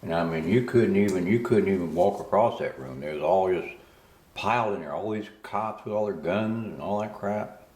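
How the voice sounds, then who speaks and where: An older man with a very low, deep voice spins a rambling, folksy story, full of asides. His voice sounds roomy and echoing, as if he were in a bare room. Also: normal speed, darkish tone. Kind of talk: casual spoken story, voice-over. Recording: roomy echo.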